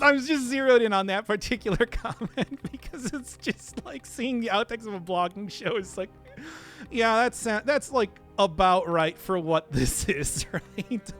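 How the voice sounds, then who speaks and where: A Midwestern man streaming a game, his voice sitting high and swooping all over as he rambles to chat. He laughs often and talks in a loose, animated way. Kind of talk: casual stream chat while playing.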